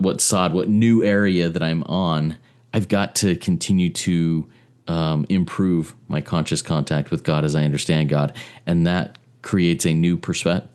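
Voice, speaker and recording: A man co-hosting a recovery podcast, talking in a reflective, halting way with frequent pauses and fillers. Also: low-pitched, a little mellow. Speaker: podcast co-host.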